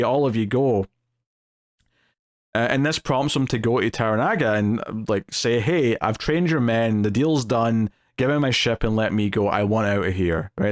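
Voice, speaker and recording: A man's voice: mid-range voice, no echo, clean studio sound. A man giving a casual spoken review of a TV episode, retelling scenes with acted-out quotes and lots of fillers.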